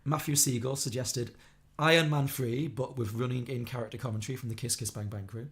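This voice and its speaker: A man hosting a casual podcast, chatty and quick, reading out listener suggestions with a laugh here and there. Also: mid-range voice, steady tone, a bit bright. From Liverpool area of England. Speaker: podcast host.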